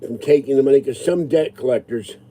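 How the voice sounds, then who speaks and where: A livestreamer in his sixties rants casually at his viewers, agitated and rambling as he answers them. His voice is medium-pitched, brisk and warm.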